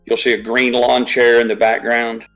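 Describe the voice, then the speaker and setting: A man's voice: mid-range voice, monotone, normal speed, fairly bright tone, faint music behind, low-quality recording. A man chatting casually on a live stream, rambling, swearing freely and restarting his sentences often. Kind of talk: casual chat.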